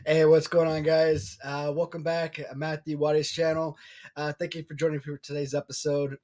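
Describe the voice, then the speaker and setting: A man's voice: a little high, flat delivery, moderate pace, darkish tone. A man hosting his own channel in casual vlog talk, blunt and opinionated, swearing freely. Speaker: channel host.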